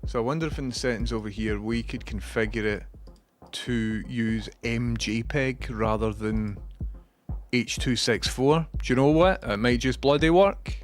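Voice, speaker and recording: A man's voice: medium pitch, a little slow, faint music behind. A man with a Scottish accent chatting casually on a livestream, thinking aloud and greeting viewers one by one by name.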